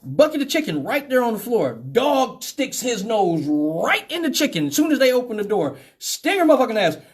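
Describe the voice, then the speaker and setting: A man's voice: sits high, moderate pace, husky. A middle-aged man hosting a radio talk show, telling a comic story with plenty of swearing and laughter. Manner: animated, profane, laughing often.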